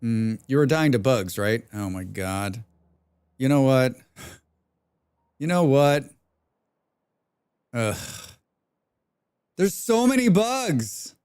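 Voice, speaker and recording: A man's voice: mid-range voice, lively intonation, takes it slowly, long pauses, darkish tone, clear, resonant tone. A man livestreaming a game, chatting casually and rambling with plenty of swearing while reacting to chat. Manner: rambling, profane, reads chat aloud.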